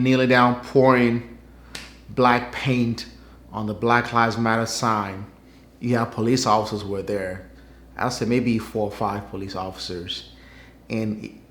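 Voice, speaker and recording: With a mid-range, slightly bright voice, a channel host delivers conversational news commentary that's wry and skeptical. The vlog is recorded in a roomy, echoey room.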